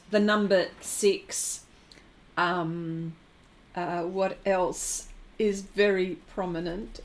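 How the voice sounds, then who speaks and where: Slow, giggly New Zealand woman. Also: medium pitch. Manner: giggly, laughs often between remarks. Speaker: art livestream host. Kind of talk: casual chat while painting, reading viewer comments.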